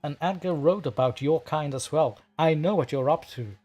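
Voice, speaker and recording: A man's voice: fairly high pitch, normal speed, darkish tone, soft background music. A man hosting a casual livestream, talking with a rambling, chatty manner and laughing often. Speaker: livestream host and story narrator.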